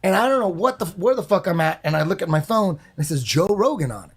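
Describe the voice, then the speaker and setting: A man's voice: high voice, expressive, fast, husky. A man telling a long story on a podcast in a casual, rambling way, swearing often and repeating himself. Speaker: podcast guest.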